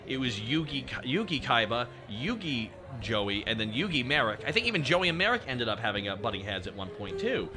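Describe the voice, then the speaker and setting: A man hosting a stream, chatting casually in an animated, jokey, rambling way. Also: mid-range voice, brisk, few pauses, music in the background. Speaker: streamer host.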